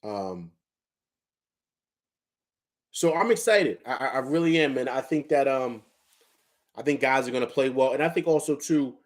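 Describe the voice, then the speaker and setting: Emphatic man hosting live sports talk. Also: medium pitch. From Harlem, New York. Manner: emphatic, repeats phrases, coaching tone. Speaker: sports talk show host.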